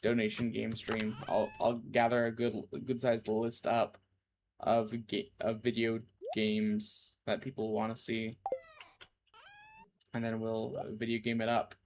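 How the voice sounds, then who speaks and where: A man's voice: on the low side, completely flat delivery, a little slow, a little mellow, slight background noise. A man chatting casually on a game stream, rambling and goofy, often stopping to restart his sentences. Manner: rambling, self-interrupting, goofy asides. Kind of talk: casual chat while gaming.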